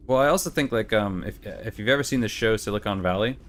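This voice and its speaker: A middle-aged man hosts a gaming channel, chatting casually while he plays and rambling through stories with quoted voices. His voice is on the low side and his pace is quick.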